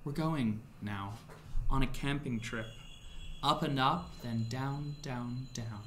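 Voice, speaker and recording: A smooth, coaxing dream woman, as a man puts her on for a tabletop horror game. Her voice is sweet and soft and drops low and hushed, then rises again into a gentle lilt. The mic picks up a faint hiss. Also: takes it slowly.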